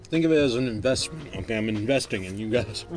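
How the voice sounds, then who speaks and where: A man's voice: mid-range voice, lively intonation, fast talker, darkish tone, faint music behind. A young man from Birmingham, Alabama, co-hosting a casual podcast with crude, profane, dry humor. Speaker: podcast co-host. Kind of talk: casual chat.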